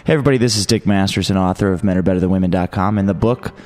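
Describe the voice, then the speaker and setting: A man's voice: deep voice, very fast, darkish tone. A man hosting his show, reading out voicemails with sarcastic, amused asides. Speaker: host.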